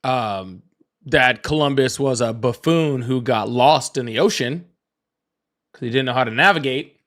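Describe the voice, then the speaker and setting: Man, livestream host, casual rambling chat, fillers and restarts, mid pitch, offhand swearing. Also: unhurried, a bit bright.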